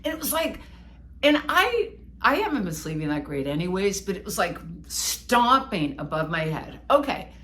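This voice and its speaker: A woman co-host recounts a personal story in casual chat. Her voice is bright and forceful, and her pitch swings widely as she pokes fun at herself. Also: normal speed. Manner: animated, self-mocking storyteller. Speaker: podcast co-host.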